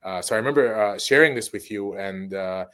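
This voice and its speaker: A man's voice: fairly low pitch, fairly quick, a bit bright. A man hosting a conversation, sharing thoughtful reflections with some hesitation. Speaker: host.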